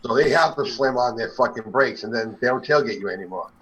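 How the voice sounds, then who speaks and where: A man's voice: mid-range voice, brisk, a loud crowd. A young man on a casual chat stream, ranting in a blunt, profane way. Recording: dull lo-fi sound.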